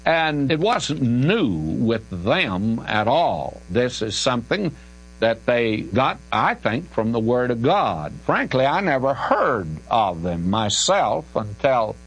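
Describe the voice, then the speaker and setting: A man's voice: medium pitch, sing-song, takes it slowly, breathy edge, poor audio. An older man, a Bible teacher answering listener questions on the radio in an emphatic, folksy way, stretching key words. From American South.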